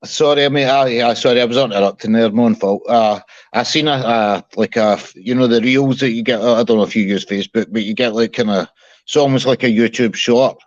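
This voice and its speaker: A man's voice: medium pitch, a little fast, no echo. Guy calling into a stream, stumbly and apologetic, muffled dry audio. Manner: hesitant, repeats words, apologetic. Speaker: caller on a livestream. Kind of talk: casual chat. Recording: dull dry call audio.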